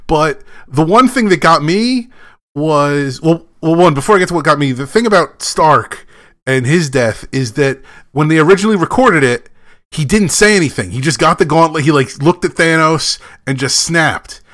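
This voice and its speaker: A man's voice: fairly high pitch, lively intonation, normal speed, a bit bright. A man co-hosting a podcast, rambling in casual chat, with lots of "like" and restarts. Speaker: podcast co-host.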